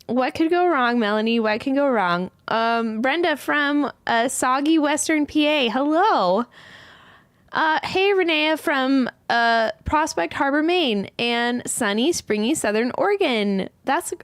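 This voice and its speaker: Woman, livestream host, high voice, unhurried, chatty, scattered, reading comments, dry sound. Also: animated, dry recording. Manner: chatty, greeting viewers one by one, a little scattered. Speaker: host, yarn studio owner. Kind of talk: casual livestream chat, reading viewer comments.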